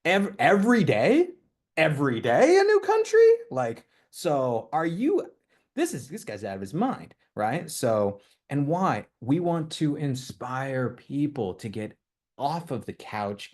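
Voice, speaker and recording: A man's voice: medium pitch, a little mellow. A man with a toddler at home, giving an impassioned motivational training talk to his team. He rambles, restarts his sentences and keeps tagging them with questions. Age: young adult to middle-aged, with a toddler.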